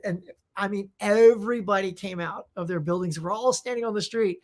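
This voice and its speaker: A middle-aged woman hosting a casual live Q&A, telling rambling, animated stories with many fillers while losing her voice. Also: lowish voice, fairly quick. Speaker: host.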